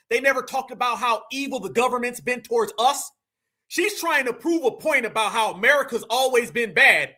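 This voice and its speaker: A man hosting a reaction commentary, slangy and animated, talking straight to his viewers as family. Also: very high voice. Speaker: commentary channel host.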